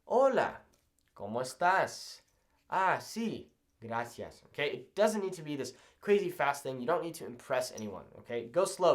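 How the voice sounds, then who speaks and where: A young man from Southern California teaching to camera in a casual, upbeat way, often checking in with "okay?". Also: mid-range voice. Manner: upbeat, ends points with "okay?". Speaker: language learning YouTuber.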